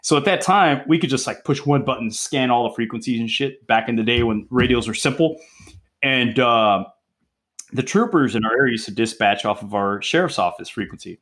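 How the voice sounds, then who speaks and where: A man in his forties, a police interdiction officer, telling stories on a podcast in an excitable, profanity-heavy way and calling people bro and dude. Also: medium pitch, brisk. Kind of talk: casual storytelling chat.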